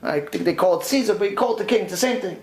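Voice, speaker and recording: A man, a rabbi, giving a storytelling lesson in an animated, conversational way. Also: high voice, very fast. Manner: animated, conversational retelling with voiced quotes. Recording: echoey room.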